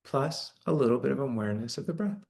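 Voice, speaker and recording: A man's voice: mid-range voice, expressive, fast talker, vocal fry, darkish tone. Conversational male meditation teacher. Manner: conversational, often checks in with "right?". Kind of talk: dharma talk to a live audience. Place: church hall.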